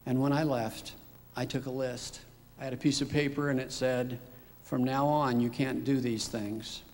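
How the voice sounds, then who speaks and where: A middle-aged man, a father, telling his personal story in a reflective, unhurried way. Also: medium pitch, little pitch movement, a little mellow. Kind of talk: personal testimony. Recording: long hall reverb.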